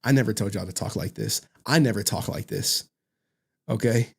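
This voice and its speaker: A man's voice: fairly low pitch, moderate pace, vocal fry, breathy edge. A man joking with his chat in casual livestream commentary, full of slang and asides. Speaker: streamer reacting to clips.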